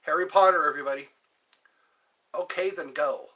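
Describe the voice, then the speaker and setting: A man's voice: fairly high pitch, moderate pace, very noisy. A man hosting a casual livestream, rambling and chatting directly with his viewers. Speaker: livestream host.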